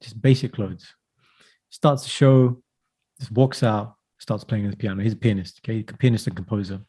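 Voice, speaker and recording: This man's voice is lowish, mellow, and husky, with a steady tone and normal speed. Co-hosting a podcast, he's a chatty, eager storyteller in casual conversation who drops "man" again and again.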